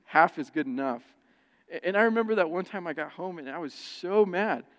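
A man preaching a sermon who tells personal stories in an animated way and acts out the quoted voices. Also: high-pitched, a little fast. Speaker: pastor. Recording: long church reverb.

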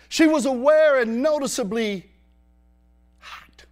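A man's voice: very high voice, big pitch swings, measured pace, soft background music. A male pastor preaching a sermon in a church, pressing the congregation with rhetorical questions and emphatic repetition.

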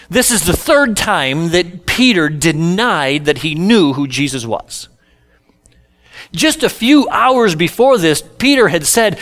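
Slow, storytelling male pastor. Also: sits high, animated, a bit bright, faint music behind. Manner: storytelling, acts out scripture in casual modern speech. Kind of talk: sermon.

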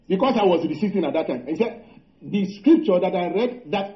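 A man preaching a sermon, halting and repeating words, calling out hallelujah and asking the congregation rhetorical questions. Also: high voice, expressive. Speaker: pastor. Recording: echoey room, dull lo-fi sound.

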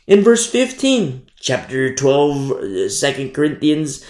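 A man's voice: on the high side, wildly swooping pitch, slow pace, a little mellow, reverberant. A male pastor preaching a sermon in an emphatic, repetitive way, often asking "you see?".

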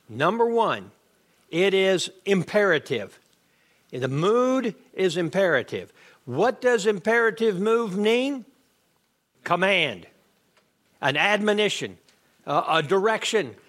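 A man's voice: high-pitched, fairly bright tone. A middle-aged man, teaching a Bible lesson and explaining grammar step by step with emphasis.

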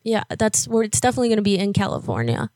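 A woman's voice: mid-range voice, sing-song, rapid-fire, darkish tone, no room sound. Woman, interviewer, casual, filler-heavy, dry close sound. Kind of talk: phone interview.

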